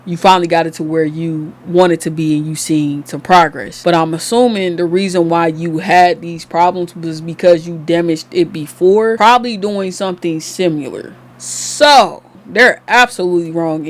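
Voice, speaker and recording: A commentator giving blunt, colloquial reaction commentary on a viewer's story. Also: medium pitch.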